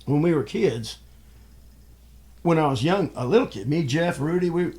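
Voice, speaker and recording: An older man talks in an easy, rambling way and keeps restarting his sentences. His voice is gravelly, with a lot of fry in it. He is a guest on a relaxed podcast. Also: a little high, moderate pace. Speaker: guest, father of the host. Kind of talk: casual chat.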